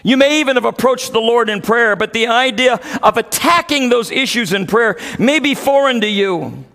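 A pastor preaching an earnest sermon that builds in intensity. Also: male voice, very high-pitched, animated, moderate pace, bright, forceful tone, long reverb tail.

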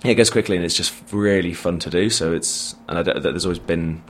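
A man's voice: sits low, brisk, a bit bright, a little hiss or hum. A man who performs sketch comedy, joking about himself as a guest on a radio show. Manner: self-deprecating, joking. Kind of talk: casual radio chat. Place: radio studio. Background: faint background music.

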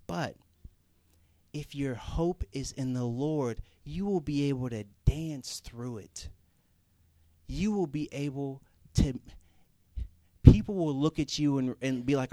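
A man's voice: medium pitch, lively intonation, slow, pauses often, dark tone, no echo. A young man preaching a sermon in a conversational way, rising to emphatic Scripture reading.

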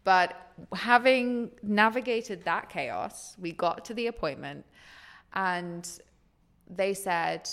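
A woman who once taught nursery school, explaining things in a measured, wry way in a casual group discussion. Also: on the low side, fairly bright tone. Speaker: former nursery teacher.

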